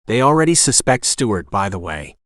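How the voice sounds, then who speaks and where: A man voicing a cool, protective young hero in an audiobook, speaking in a calm and drawling way. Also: fairly low pitch, fairly quick, no echo, studio quality.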